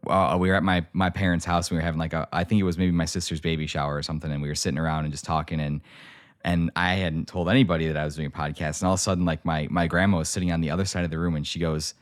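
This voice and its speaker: Low-voiced animated podcast host. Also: male voice, racing, no room sound, studio quality. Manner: animated storytelling, many fillers. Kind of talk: casual interview chat.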